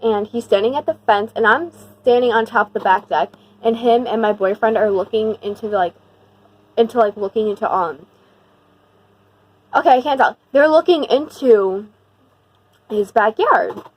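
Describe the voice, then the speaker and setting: A young woman telling a storytime on her vlog in a slangy, rambling way full of "like", animated and emphatic. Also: fairly high pitch, moderate pace, long pauses, rough recording. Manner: slangy, rambling, heavy use of "like"; animated and emphatic when retelling the scary part. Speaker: vlogger. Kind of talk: casual storytime.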